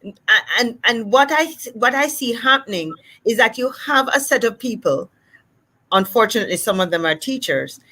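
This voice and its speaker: A woman from Jamaica with a Jamaican accent, a speech-language pathologist explaining things in a casual, animated way and acting out examples. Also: a little high, moderate pace. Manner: animated, acts out examples in different voices.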